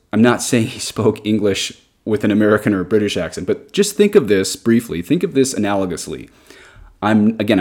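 Priest in his 30s, low and mellow, reads the catechism and then argues his points with emphasis. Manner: emphatic, argumentative. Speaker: Catholic priest. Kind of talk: catechism reading with commentary.

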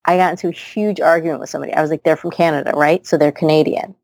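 A woman with a fairly low voice in casual podcast talk. She presses her point firmly and corrects the others. The sound is dry and close. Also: steady tone, rapid-fire, darkish tone, dry recording.

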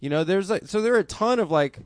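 A man's voice: sits high, lively intonation, fast, dry recording, studio quality. A young man co-hosting a casual chat, telling rambling stories and laughing often. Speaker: podcast co-host.

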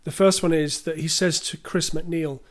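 A man's voice: on the high side, steady tone, normal speed. A man co-hosting a podcast, recapping a film in a rambling, hesitant way full of fillers and restarts. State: clearing his throat. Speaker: podcast co-host. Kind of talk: casual film discussion.

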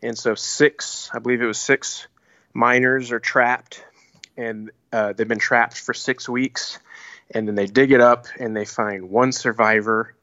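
Podcast co-host, man, bright edgy tone, dry close sound, slightly dull lo-fi audio, laid-back rambling delivery. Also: medium pitch, steady tone, measured pace, no echo. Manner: laid-back, rambling, with many fillers and restarts. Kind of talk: casual movie chat.

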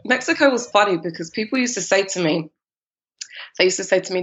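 Woman, London accent, interview guest, chatty, laughs a lot, low-ish voice, muffled audio. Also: fast talker. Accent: London English. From London, England. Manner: chatty, laughs often, animated when quoting people. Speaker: guest, cupcake business founder. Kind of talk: casual interview talk.

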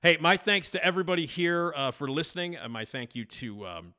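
A man's voice: on the high side, expressive, a little fast, bright, forceful tone. A man hosting a casual podcast monologue, rambling, blunt and opinionated. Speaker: podcast host.

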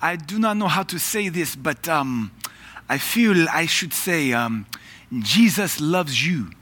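A man voicing a hesitant French woman stranger with a French accent, speaking haltingly. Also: a little high, expressive, a bit bright, pitched above the performer's own voice, full character voice. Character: timid French woman stranger, gently earnest.

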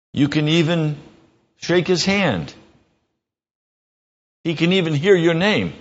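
A man preaching an earnest, emphatic radio sermon as a pastor. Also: muffled recording. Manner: earnest preaching, slow and emphatic, rising in pitch when pressing a point.

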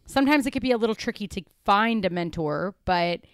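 A woman's voice: mid-range voice, expressive, brisk, smooth, no echo, studio quality. A woman co-hosting a casual podcast chat from home, upbeat and chatty, trailing off with ums and likes. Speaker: podcast co-host.

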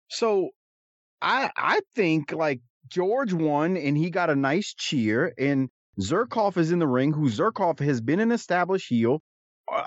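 Man, wrestling podcast host, animated pitch, dry slightly dull recording. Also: no room sound. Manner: rambling, self-correcting. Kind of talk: casual analysis of old wrestling.

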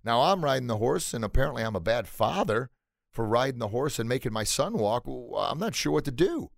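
A man playing a bewildered father who speaks quietly and hesitantly, stumbling over his words. The voice sits a little low and is recorded dry and close. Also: big pitch swings, fairly quick, creaky, no echo. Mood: confused. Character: bewildered, soft-spoken father.

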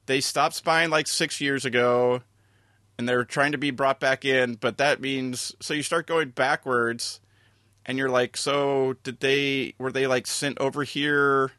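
A man with a bright, forceful tone and a middle pitch talks through his thoughts in casual chat, stumbling over restarts and fillers. The sound is dry and close. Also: dry recording. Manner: halting, many fillers and restarts. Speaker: podcast co-host.

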